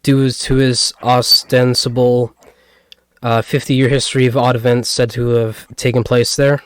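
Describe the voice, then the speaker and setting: A man's voice: medium pitch, little pitch movement, measured pace, clear, resonant tone, no echo. Guy on a podcast telling a spooky story, lots of ums and likes, dry close mic. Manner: rambling, hesitant with many fillers and restarts. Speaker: podcast co-host. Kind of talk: casual podcast chat.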